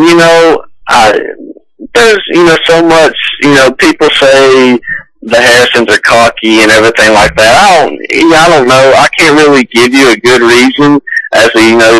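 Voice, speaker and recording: A man from Alabama calling in as a basketball recruiting guest, talking haltingly with many fillers. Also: mid-range voice, bright, forceful tone, no room sound, poor audio. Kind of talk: casual phone interview.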